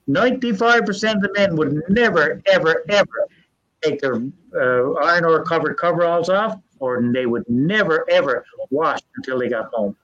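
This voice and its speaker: An older man, telling family ghost stories in a folksy, earnest way with halting restarts. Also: a little high, animated, a bit bright. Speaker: storyteller guest. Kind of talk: casual storytelling. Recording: dull lo-fi sound.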